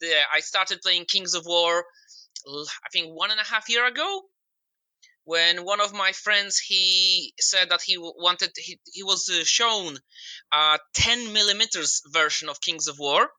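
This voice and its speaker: Bright-voiced Polish man, dry close mic. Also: sits high, a little slow, no room sound, rough recording. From Poland. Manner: modest, chatty, non-native grammar. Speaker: podcast guest. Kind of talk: casual interview chat.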